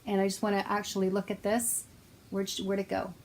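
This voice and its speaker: A woman's voice: medium pitch, completely flat delivery, brisk, a little hiss or hum, poor audio. A middle-aged woman talking casually to her viewers, telling a personal story in a chatty way with a sarcastic edge. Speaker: self-help author and host.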